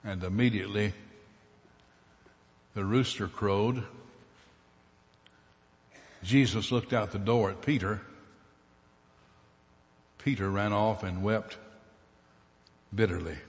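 A man preaching a dramatic sermon, swinging from loud bursts to hushed asides. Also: on the low side, fairly even intonation, slow, long pauses. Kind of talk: sermon storytelling. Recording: long reverb in a hall.

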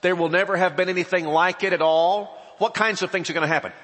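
A man preaching a sermon, emphatic, asking rhetorical questions and swinging between loud stresses and hushed asides. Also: high-pitched, fairly even intonation, fast, long reverb tail.

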